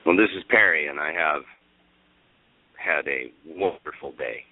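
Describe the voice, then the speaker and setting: A man's voice: very deep voice, measured pace, dry recording. A man calling in to a live talk show, rambling with many fillers and reading out a letter. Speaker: caller. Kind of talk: casual call-in talk, reading a letter aloud. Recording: tinny phone-like line.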